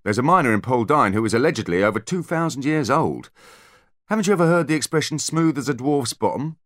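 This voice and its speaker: A man voicing an eager, nervous male centaur technician who explains things hurriedly in a raised, lively voice. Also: mid-range voice, fast, dry recording, studio quality, pitched above the performer's own voice, natural voice. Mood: eager explaining.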